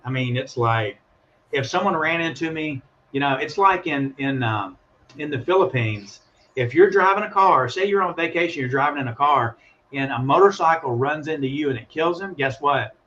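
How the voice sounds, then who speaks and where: A man casually telling a story on a call, animated and acting out the voices of the people in it. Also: fairly high pitch, moderate pace, lo-fi sound. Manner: animated, acts out voices in his stories. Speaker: guest calling in.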